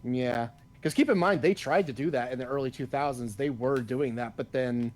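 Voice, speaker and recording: A man's voice: mid-range voice, normal speed, darkish tone. Profane ranting man. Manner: profane, ranting, laughs often. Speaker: podcast co-host. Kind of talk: casual chat.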